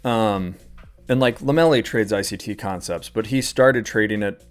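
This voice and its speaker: Over soft music, a fairly low-pitched male voice speaks at a normal pace. This trading livestream host chats casually about the market, leaning on filler words and venting in a profane, exasperated rant.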